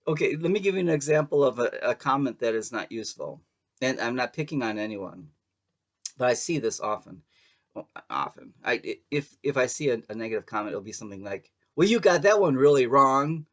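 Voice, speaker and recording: A man giving a casual tarot reading to camera, chatty and playful, laughing often and making sassy asides. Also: medium pitch. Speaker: tarot reader.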